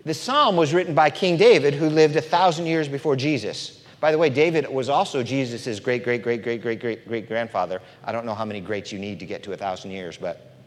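A man giving an animated, emphatic sermon, teaching about the Bible. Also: mid-range voice, a little fast, big-room sound. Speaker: preacher.

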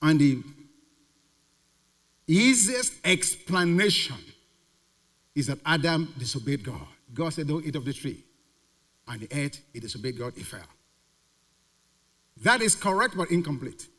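A pastor preaching a sermon with emphatic repetition and rhetorical questions. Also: male voice, a little high, big pitch swings, a little slow, long pauses, a bit bright. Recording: reverberant hall.

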